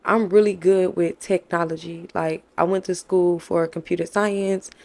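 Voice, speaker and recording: A woman's voice: lowish voice, steady tone, moderate pace, creaky, darkish tone. A young woman, candidly telling a personal story to her viewers, calling them y'all and acting out what people said to her. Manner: conversational, addresses viewers as y'all, acts out quoted dialogue. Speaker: faith vlogger.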